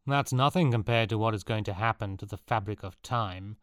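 A man's voice: lowish voice, fairly quick, dry recording, studio quality, lightly acted. A man voicing a tall, superior boy who talks down to others in a smug, condescending way.

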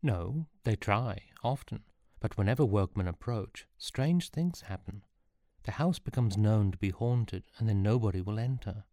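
A man's voice: lowish voice, unhurried, mellow, no echo, studio quality. A man voicing a lonely young man lost in time, asking questions in a plain, wondering way.

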